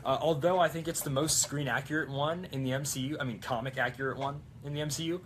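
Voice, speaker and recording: A man's voice: fairly high pitch, fairly even intonation, fast talker, a little hiss or hum. A man cosplayer chatting casually on a live stream, rambling and correcting himself with little jokes. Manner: rambling, self-correcting and jokey.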